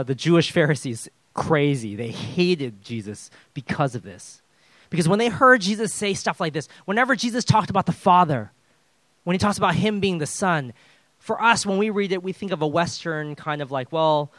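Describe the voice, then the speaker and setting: A man preaching a casual, conversational sermon as a pastor, with joking asides, swinging between loud emphasis and hushed drops. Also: on the high side, no echo.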